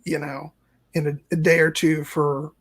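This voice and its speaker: A man's voice: on the high side, flat delivery, a little slow, husky. A man in his late thirties co-hosting a casual podcast discussion, talking in an earnest, reflective way with long winding sentences. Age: late 30s. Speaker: co-host, first-time viewer.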